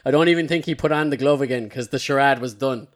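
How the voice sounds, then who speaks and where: Talking fast at a medium pitch, an Irish man hosting a podcast spins a long, meandering story in a relaxed way, dropping into the voices of its characters.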